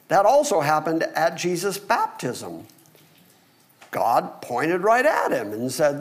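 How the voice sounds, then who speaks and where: A middle-aged man preaching a sermon and reading Bible passages aloud, animated and acting out the people in the story. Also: on the high side, slow. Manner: animated, acts out the disciples. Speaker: pastor.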